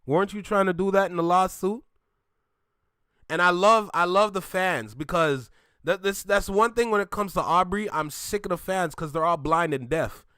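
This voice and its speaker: A man's voice: high-pitched, normal speed, pushed and bright, smooth, no echo, studio quality. A man from Canada hosting a reaction video, ranting bluntly in casual commentary and laughing often.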